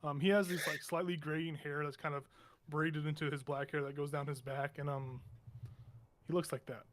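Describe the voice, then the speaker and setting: A man narrating a tabletop game as game master in a meandering, halting way with many restarts. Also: fairly high pitch, level tone. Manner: meandering, halting, self-correcting.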